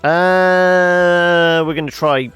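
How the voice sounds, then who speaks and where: A man's voice: high-pitched, steady tone, drawn-out words, a bit bright, smooth, no echo, faint music behind. A man hosting a game playthrough who makes wry remarks and thinks aloud in casual commentary. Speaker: gameplay host.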